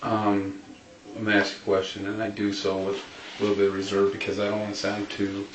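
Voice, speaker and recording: A man's voice: on the low side, completely flat delivery, a little fast. A man questioning a woman in a police interview, careful and hesitant when he words his question. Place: interview room. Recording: echoey room, distant mic, background noise.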